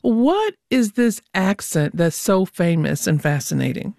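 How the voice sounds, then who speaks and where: A woman hosts a public radio program, playful and friendly, and teases her guests. Her voice is mid-pitched and recorded dry and close in the studio. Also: big pitch swings, a little slow, vocal fry, a little mellow, no echo. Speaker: radio show host.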